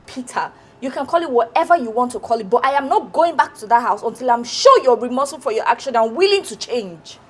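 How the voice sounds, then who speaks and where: An actress with a Nigerian accent playing an estranged wife who answers firmly but sounds weary. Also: female voice, fairly high pitch, lively intonation, fast talker, hardly any pauses. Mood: defiant. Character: hurt, stubborn young wife.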